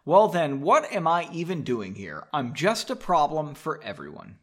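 A man's voice: a little high, sing-song, normal speed. A man voicing a frustrated, sulky young man. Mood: exasperated. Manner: exasperated.

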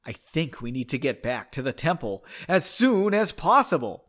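A man voicing a sharp-tongued, fiery young woman who scolds and speaks coolly. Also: a little high, very animated, moderate pace. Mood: worried. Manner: scolding and cool.

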